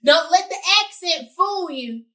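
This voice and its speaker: A young woman hosting a show, giving casual advice to camera in a sassy, animated way and talking straight to her listeners. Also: very high voice, unhurried, recorded from a distance. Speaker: host.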